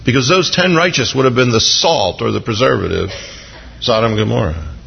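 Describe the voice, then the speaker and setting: Gravelly-voiced male pastor preaching. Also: brisk, in a large hall, muffled recording, slight background noise. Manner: animated, jumps into high excited voices when acting out quotes. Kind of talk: sermon.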